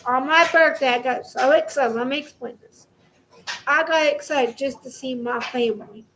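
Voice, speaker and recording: A woman's voice: sits high, moderate pace, noisy background. A young woman ranting straight to the camera at home, heated and full of swearing, repeating herself as she goes. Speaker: vlogger. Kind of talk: angry direct-to-camera rant.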